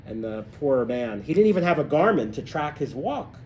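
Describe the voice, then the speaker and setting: A man teaching a live class, telling a story and acting out its characters in an animated way. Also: normal speed, slight background noise. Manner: animated, acts out voices in stories, rises in pitch when excited. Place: hotel room, recorded live.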